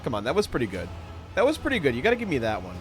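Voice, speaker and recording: A man live-streaming talks with his audience in a mid-range voice at a very fast clip, with faint music in the background. He's excitable, reading story text aloud with theatrical flair and repeatedly bursting into laughter during this casual chat and dramatic reading.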